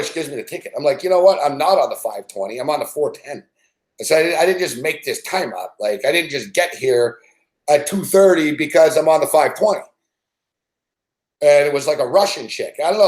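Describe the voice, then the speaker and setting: Higher-voiced man in a profane rant. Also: lively intonation, a little fast, darkish tone. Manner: swears constantly, rambling with many fillers. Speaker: sports betting host. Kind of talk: casual profane storytelling rant. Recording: roomy echo.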